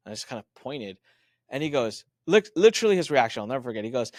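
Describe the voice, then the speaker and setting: A man in the middle of his voice range tells a story to a podcast host, and his pitch leaps whenever he acts out what other people said. The mic is close and dry. He talks in loose bursts full of fillers and restarts. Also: fast talker, dry recording. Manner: animated, acts out quoted voices with big pitch jumps. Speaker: podcast guest. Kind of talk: storytelling in an interview.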